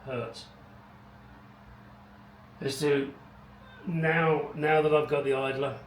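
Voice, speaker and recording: A man's voice: a little high, steady tone, slow, long pauses. Middle-aged man, rambling wry garage talk, distant mic, roomy echo, background noise. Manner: rambling, wry, muttering asides. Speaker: car restoration vlogger. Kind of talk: casual workshop narration. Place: home garage, indoors.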